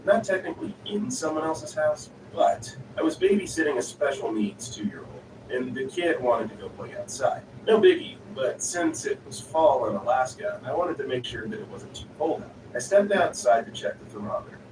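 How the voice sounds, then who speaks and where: A man's voice: mid-range voice, sing-song, normal speed, hardly any pauses. A man reading stories aloud in a plain storytelling delivery. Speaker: story narrator. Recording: roomy, distant, noisy.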